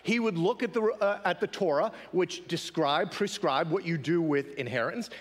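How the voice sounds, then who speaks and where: A man's voice: sits high, moderate pace, in a large hall. A male pastor preaching a sermon in a conversational style, often asking the congregation questions.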